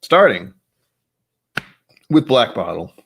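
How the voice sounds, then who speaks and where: A man from the States hosts a whisky tasting on a casual livestream from his home, his voice sitting a little low. He rambles, mutters to himself while setting up, and pokes fun at himself between sips. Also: very animated, slow pace, gravelly, husky. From United States. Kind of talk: casual solo livestream chat. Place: home room, seated at a desk with glasses.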